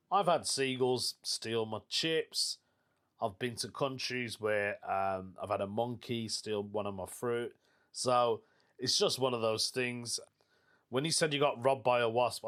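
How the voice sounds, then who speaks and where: A man's voice: mid-range voice, a bit bright. A British man hosting a casual solo podcast, chatty and jokey, laughing often. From United Kingdom. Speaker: podcast host.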